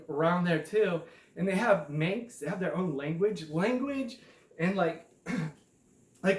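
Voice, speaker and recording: Rambling, profane high-voiced man. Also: roomy sound. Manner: rambling, profane, filler-heavy, says dude a lot. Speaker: self-published author and vlogger. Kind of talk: casual rambling monologue.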